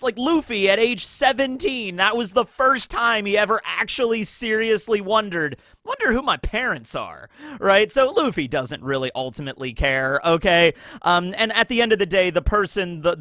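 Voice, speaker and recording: A man's voice: fairly high pitch, dry recording, studio quality. A man hosting anime theory commentary in a casual, rambling way, full of fillers and acted-out bits of dialogue. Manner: rambling, filler-heavy, acts out characters in animated bursts.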